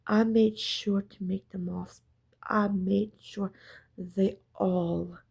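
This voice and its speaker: A woman's voice: medium pitch, fairly even intonation, slow pace, gravelly, darkish tone, husky. A woman talking straight to her viewers in a casual story-time monologue, intense and emphatic, repeating herself and swearing. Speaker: spiritual storyteller.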